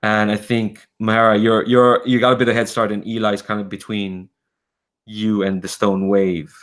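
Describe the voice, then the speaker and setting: A man's voice: fairly low pitch, flat delivery, normal speed. A man narrating as game master of a horror tabletop game, thinking aloud and revising as he goes.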